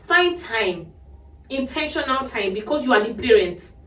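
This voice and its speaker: A woman's voice: a little high, very animated, unhurried, fairly bright tone, a little hiss or hum. A woman hosting a podcast, giving earnest advice to parents in a casual chat and laughing often. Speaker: podcast host. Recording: echoey room, mic at a distance.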